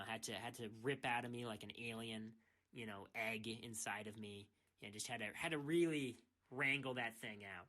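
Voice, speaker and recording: Bright-voiced young man ranting casually. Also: mid-range voice. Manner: rambling, repetitive "freaking", restarts. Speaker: streamer. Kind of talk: casual rant.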